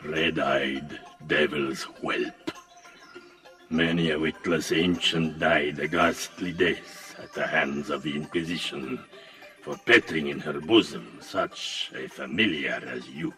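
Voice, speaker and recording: A sinister, menacing storyteller with an extremely deep voice. He speaks with a slow, grandiose menace in a bright tone, as though from a distance. Faint music plays under the radio drama. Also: full character voice. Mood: scornful.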